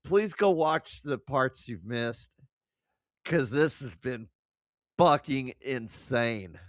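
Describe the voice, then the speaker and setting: Giggly stream host, dry and slow. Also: mid-range voice, animated, no room sound. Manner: giggly, loose, swearing. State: high. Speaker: livestream host. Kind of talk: casual reaction stream.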